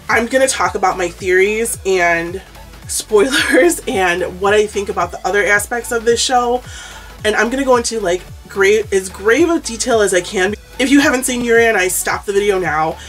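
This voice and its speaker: A chatty woman vlogger rattles off her anime opinions, laughing between quick asides. She sits a little back from the mic, and soft music plays under her voice. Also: mid-range voice. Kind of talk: casual countdown commentary vlog. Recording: distant mic with background music.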